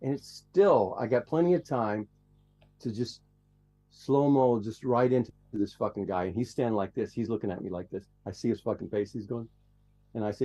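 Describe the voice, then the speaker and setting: Guy trucker telling a story, swears a lot, warm mellow voice, kinda rambling. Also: fairly low pitch, normal speed. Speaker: guest, truck driver. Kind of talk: casual storytelling.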